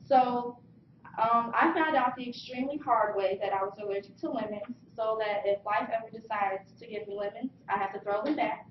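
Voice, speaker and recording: A young woman giving a lively personal story speech, acting out the voices of the people in it. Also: on the high side, moderate pace, a little hiss or hum. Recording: distant mic in an echoey room, dull sound.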